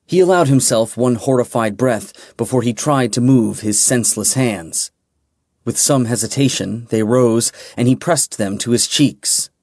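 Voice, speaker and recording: A man narrating a fantasy novel in a measured, deliberate way. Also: mid-range voice, a little mellow, no room sound, clean studio sound. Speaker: audiobook narrator.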